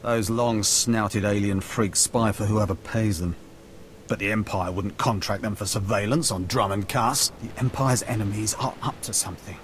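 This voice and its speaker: A man's voice: lowish voice, moderate pace, a little hiss or hum, natural voice. A man playing a paranoid Imperial captain. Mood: scornful. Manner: urgent, insistent, scornful. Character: paranoid intense male Imperial army captain. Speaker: game character.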